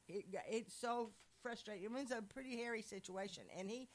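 A woman preaching a sermon, telling lively stories with laughter. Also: a little high, fast, few pauses, poor audio. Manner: animated storytelling with laughs.

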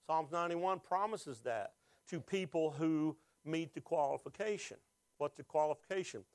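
Man preaching a sermon, rather high voice. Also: normal speed, clear, resonant tone, dry recording. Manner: preaching with call-and-response questions to the congregation; emotional, voice rising when moved. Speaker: pastor.

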